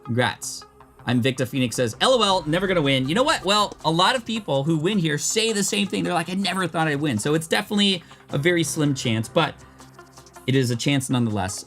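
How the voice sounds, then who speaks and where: A man's voice: fairly high pitch, fairly bright tone. A man chatting casually on a live stream, upbeat and reading out his chat. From United States. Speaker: streamer opening card packs.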